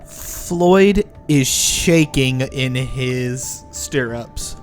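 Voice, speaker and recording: Very slow, animated tabletop player. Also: mid-range voice, faint music behind. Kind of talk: tabletop role-play.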